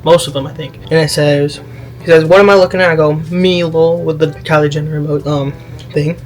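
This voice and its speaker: A young man chatting casually as a vlogger, reading out comments in a sassy, animated way and jumping up into high squeals. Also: moderate pace, low-quality recording.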